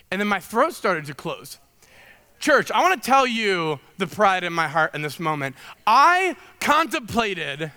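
A man's voice: high-pitched, sharp tone, clean tone, long reverb tail. A man in his thirties preaching a sermon, telling chatty self-deprecating stories full of fillers. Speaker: pastor.

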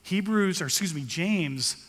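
A man's voice: sits high, lively intonation, measured pace, big-room sound. A male pastor giving an earnest sermon, reading scripture aloud and rising for emphasis.

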